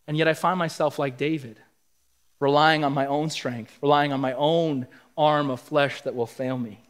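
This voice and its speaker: A man's voice: a little high, normal speed, clean tone. A man preaching a sermon as pastor, reading scripture aloud and acting out the quotes with expression. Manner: expressive, acts out biblical quotes.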